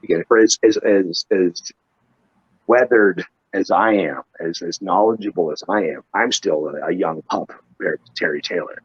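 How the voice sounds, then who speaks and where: Low husky man telling stories. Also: moderate pace, no room sound, dull audio. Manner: rambling, swears casually, frequent restarts. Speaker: wrestler and wrestling trainer, guest. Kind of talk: casual interview storytelling.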